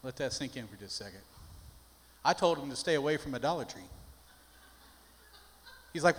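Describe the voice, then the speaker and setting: A man's voice: fairly high pitch, lively intonation, a little fast, long pauses, a bit bright. An older man, a pastor, preaching a sermon with folksy stories that build into emphatic preaching. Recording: long hall reverb.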